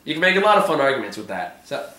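A man's voice: medium pitch, big pitch swings, rapid-fire, bright, forceful tone, reverberant. A man whose voice is giving out, hosting a casual discussion of a TV episode with lots of fillers and swearing. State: hoarse, voice giving out. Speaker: vlog host.

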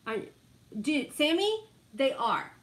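A woman's voice: high voice, big pitch swings, slow pace, fairly bright tone, roomy sound. A middle-aged woman, chatting casually and laughing a lot with live viewers while doing her makeup. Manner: chatty, laughs often, reads out viewer names.

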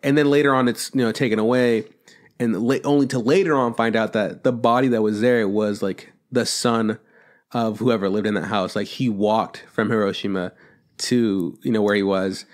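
A man's voice: fairly low pitch, fairly even intonation, moderate pace. A man co-hosting a podcast, rambling casually about a film he watched, and swearing a lot as he retells the scenes. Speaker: podcast co-host.

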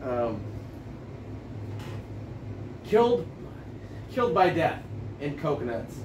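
A man rambles through a long story, tripping over his words and swearing freely as he reviews a beer. His voice sits a bit higher than most men's. It sounds distant from the mic, in a roomy, echoing space. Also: measured pace, lo-fi sound, noisy background. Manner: rambling, stammering, profane storytelling. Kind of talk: casual rambling vlog. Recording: echoey room, distant from mic.

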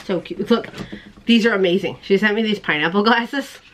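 A woman's voice: medium pitch, normal speed, slight background noise. Giggly, bubbly woman crochet host. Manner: bubbly and giggly, laughs often; playful squeals and silly voices. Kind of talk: casual show-and-tell chat to camera.

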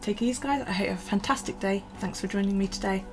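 With music in the background, a British vlogger speaks rapid-fire in a mid-range voice. She chats casually over a journaling video, sounding tired, yawning, and rambling with many ums and restarts.

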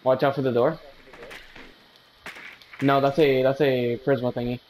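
A man's voice: mid-range voice, flat delivery, a little slow, a little mellow, slight background noise, low-quality recording. A young man in casual, profane chat with friends while playing a shooter game, joking and calling out where the enemies are over a headset. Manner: joking, profane, calls out enemy positions. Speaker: gamer calling out plays.

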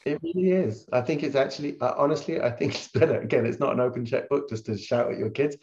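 A middle-aged man talks openly about parenting, his voice swinging up and growing louder when he relives a moment. His sound comes over a video call with a slightly muffled, lo-fi quality. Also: medium pitch, quick pace. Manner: animated, swings loud when reliving stories. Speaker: guest speaker, hypnotherapist. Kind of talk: candid conversational storytelling.

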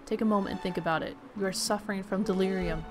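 A woman voicing a calm young male patient who talks in a steady, reassuring way. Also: medium pitch, quick pace, over music, lightly acted.

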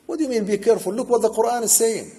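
A man's voice: very high-pitched, racing, warm tone, in a large hall. A man giving an impassioned, emphatic sermon that explains Quran verses, breaking into Arabic recitation. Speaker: preacher.

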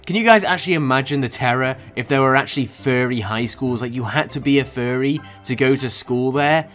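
A man's voice: mid-range voice, a little fast, few pauses, fairly bright tone, faint music behind. A young man hosting a comedic reaction video, incredulous and sarcastic, breaking into laughter often. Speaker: YouTube reaction host.

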